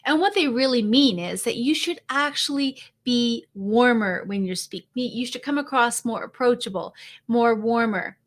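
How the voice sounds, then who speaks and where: Upbeat woman coaching, somewhat high voice. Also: a bit bright. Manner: upbeat and conversational, speaks straight to the viewer. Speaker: speaking coach and host. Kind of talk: direct-to-camera coaching tip.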